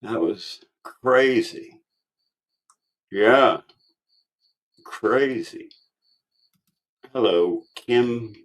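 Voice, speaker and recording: Male vlog host, unhurried drawl, loose and profane, a bit worn out, chatting casually with viewers. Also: mid-range voice. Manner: profane, rambling storytelling. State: tired. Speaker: online show host. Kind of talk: casual chat.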